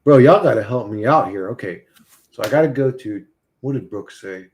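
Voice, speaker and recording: A man's voice: fairly low pitch, moderate pace. A man live streaming in a casual, rambling, profane way, reading and answering his chat.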